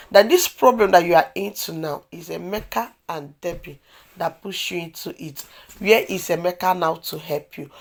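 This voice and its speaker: A woman's voice: lowish voice, gravelly. A woman with a Nigerian accent voicing a blunt, exasperated man lecturing his friend in a scolding way.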